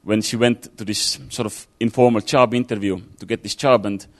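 A man's voice: fairly low pitch, fairly even intonation, moderate pace. A man giving an informal sermon, talking it through casually with fillers and restarts. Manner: conversational, thinking aloud with fillers and restarts. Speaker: preacher.

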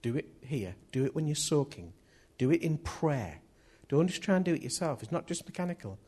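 Husky-voiced man preaching. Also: on the high side, sing-song, brisk, a little mellow. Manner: earnest, repeats key phrases. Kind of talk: sermon.

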